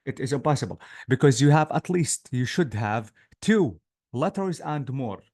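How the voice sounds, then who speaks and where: A man's voice: mid-range voice, expressive, moderate pace, a little mellow. A male English teacher giving an online class lecture, patiently drilling words syllable by syllable.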